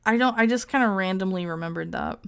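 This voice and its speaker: A woman's voice: mid-range voice, fast, gravelly, a bit bright, clear, resonant tone. A woman streamer reading text aloud in casual live-stream commentary, breaking off into crude, joking asides and frequent laughs. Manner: laughs often.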